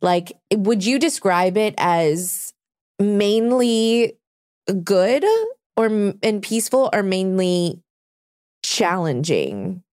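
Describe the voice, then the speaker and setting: Woman in her 30s hosting a podcast, blunt and sweary, mid pitch, quick bursts, dry close mic. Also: expressive, darkish tone, no room sound. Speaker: podcast host. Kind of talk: casual chat.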